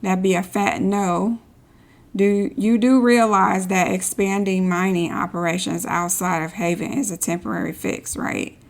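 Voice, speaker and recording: Woman streamer, mid pitch, reads in-game text aloud with dry sarcastic asides. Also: steady tone, a little slow, vocal fry. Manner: sarcastic asides between read-outs. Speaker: gameplay streamer. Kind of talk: reading in-game posts aloud with commentary.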